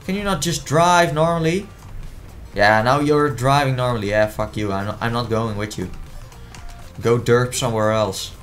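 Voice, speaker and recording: A man's voice: mid-range voice, normal speed, fairly bright tone. Man, playful gameplay commentator, easily exasperated, faint music underneath. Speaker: gaming commentator.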